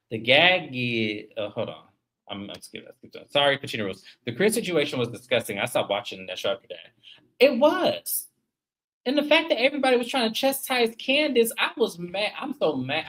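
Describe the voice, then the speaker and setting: A man in his thirties hosting a casual livestream, talking straight to viewers in an animated, emphatic way. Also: medium pitch. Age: 30s. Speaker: livestream host.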